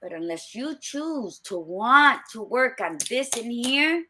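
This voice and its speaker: A woman's voice: fairly high pitch, very animated, takes it slowly, bright, forceful tone. A middle-aged woman co-hosting a podcast, talking bluntly and emphatically with frequent swearing. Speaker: podcast co-host. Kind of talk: casual chat.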